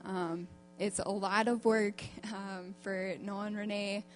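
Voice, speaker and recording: A woman giving a church testimony in a halting way, with many fillers and restarts. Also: medium pitch, flat delivery, faint music behind. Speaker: program participant.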